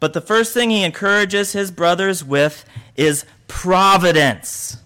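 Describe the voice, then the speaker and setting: Male pastor, sermon delivery, high and bright, animated storyteller. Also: unhurried, clear, resonant tone. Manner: animated, acts out quoted voices.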